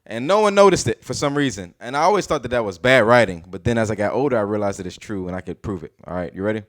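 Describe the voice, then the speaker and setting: A man's voice: lowish voice, animated, fast talker. A man performing a stand-up comedy set, telling stories in a laid-back way. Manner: laid-back storytelling with laughs.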